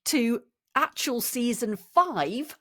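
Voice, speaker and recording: A middle-aged woman, hosting a podcast in a giddy, jokey, animated way. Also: a little high, slow pace. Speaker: podcast host. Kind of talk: show intro and casual chat.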